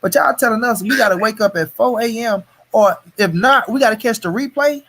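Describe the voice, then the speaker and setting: A man with a high-pitched voice hosts a casual boxing live stream. He rants heatedly and swears constantly as he complains about fight start times. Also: a little fast, noisy background. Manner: profane, heated ranting. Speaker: host of a boxing talk stream.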